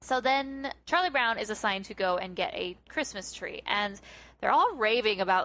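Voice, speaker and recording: Brief: animated woman podcast co-host, average pitch, light background hiss. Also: moderate pace. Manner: animated, giggly storyteller who acts out scenes. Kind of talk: casual chat recapping a film.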